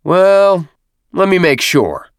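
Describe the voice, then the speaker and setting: A man voicing a commanding military captain who shouts on the parade ground but stays friendly and relaxed in conversation. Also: normal speed, no echo, clean studio sound, natural voice. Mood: booming. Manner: booming parade-ground calls, easy officer's banter.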